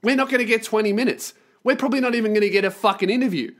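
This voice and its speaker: A man's voice: sits high, very fast, fairly bright tone. A man hosting a podcast, telling a story as a profane, sarcastic rant. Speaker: podcast host and touring performer.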